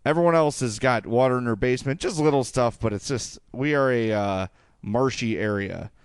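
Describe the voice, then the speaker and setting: A man co-hosting a sports podcast, chatting casually and ranting with animated jokey asides. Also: mid-range voice, normal speed, clean tone, dry recording. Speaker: podcast co-host.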